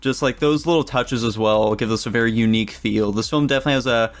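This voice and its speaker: A man's voice: mid-range voice, quick pace. A man co-hosting a casual movie review podcast, swearing freely as he praises scenes he liked. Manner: loose and profane, enthusiastic. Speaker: podcast co-host.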